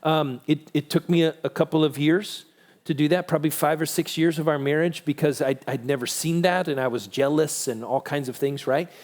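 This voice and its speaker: A middle-aged man speaking casually at a parenting conference, relaxed and conversational, answering questions from the room. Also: on the high side, a little fast. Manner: relaxed and conversational, many restarts.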